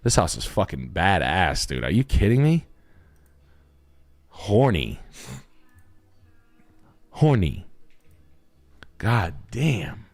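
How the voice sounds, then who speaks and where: A lowish male voice, loose and profane, hosting a live stream where he reacts to house listings. He swings into excited, swearing riffs and jokes as he goes. The delivery is casual chat rather than polished presenting. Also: slow, pauses often, faint music behind. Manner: excitable, heavily profane, jokey riffing. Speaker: realtor and stream host.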